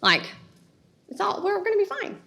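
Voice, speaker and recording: A woman, giving a motivational talk and telling her story in an animated way with laughter. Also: very high-pitched, fairly quick, creaky. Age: 30s. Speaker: speaker.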